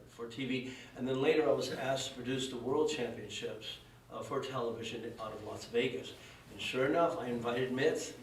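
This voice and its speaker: A man's voice: mid-range voice, a little hiss or hum. A middle-aged man speaking at a memorial service, telling rambling, self-deprecating stories about a friend. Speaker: eulogy speaker. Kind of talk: storytelling tribute at a memorial service. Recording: echoey room, voice from a distance.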